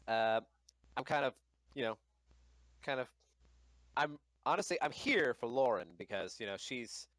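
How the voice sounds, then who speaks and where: A man's voice: mid-range voice, a bit bright, no echo. A man playing a tabletop game, describing his character in a rambling way with many restarts. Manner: rambling, full of restarts and fillers. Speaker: player. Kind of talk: casual tabletop game chat.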